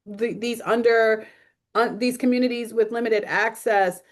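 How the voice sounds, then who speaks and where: A woman's voice: on the high side, a little slow. A woman social worker speaking as a guest on a video call, telling stories with humor and a frank, realistic manner. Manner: lively storytelling with acted quotes. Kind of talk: webinar talk.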